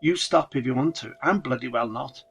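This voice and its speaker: A man voicing a blunt adult woman friend who shouts curtly and defiantly while fleeing. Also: medium pitch, brisk, slightly rough.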